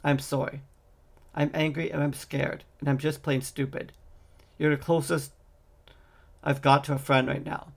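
A man's voice: on the high side, level tone, a little slow, creaky, long pauses. A man reading a nervous, blunt young man. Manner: plain reading voice, little change from narration.

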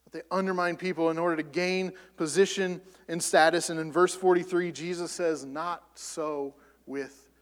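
High-voiced guy preaching, gets loud then drops quiet, echoey hall sound. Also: little pitch movement, fairly quick, few pauses. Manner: builds to loud emphatic peaks, then drops soft. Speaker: pastor. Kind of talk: sermon.

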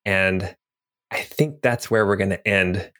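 A man's voice: sits low, measured pace, fairly bright tone. A man narrating a tabletop game as game master, descriptive with some hesitant fillers.

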